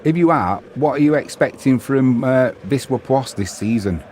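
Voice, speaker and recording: A middle-aged host from England chats casually on a live match stream, reading viewer messages aloud and bantering as he follows the game. He has a mid-range, darkish voice with lively intonation at a moderate pace, and a little hiss or hum is audible.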